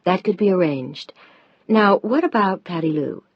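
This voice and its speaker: A woman voicing an eager, curious female TV reporter in an audiobook, brisk and persuasive. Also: on the low side, animated, slightly rough, no room sound. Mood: earnest. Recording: dull dry audiobook recording.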